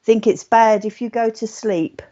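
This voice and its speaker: A woman leading a guided meditation in slow, soothing, repetitive phrases. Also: fairly high pitch, fairly even intonation, warm tone. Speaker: meditation teacher. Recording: muffled lo-fi recording with faint music.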